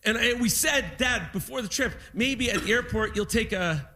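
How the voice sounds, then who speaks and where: A man doing stand-up on a live stage, telling animated stories and acting out his father. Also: high voice, normal speed, a little hiss or hum. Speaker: stand-up comedian. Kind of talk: stand-up comedy set. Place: live comedy stage in a music hall.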